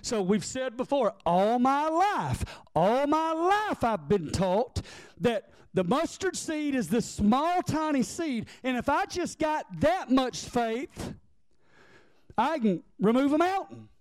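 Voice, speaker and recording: Preacher guy, really high voice that swings all over, dry close sound, gets shouty then goes quiet. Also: sing-song, takes it slowly, dry recording. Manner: impassioned, swings from shouting to near-hushed prayer. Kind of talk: sermon.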